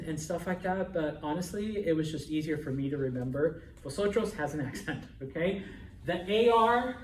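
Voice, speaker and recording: A man's voice: high voice, a little hiss or hum. A man teaching a Spanish class in a chatty way, laughing often and checking in with "okay?". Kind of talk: classroom lecture. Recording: roomy classroom from far off.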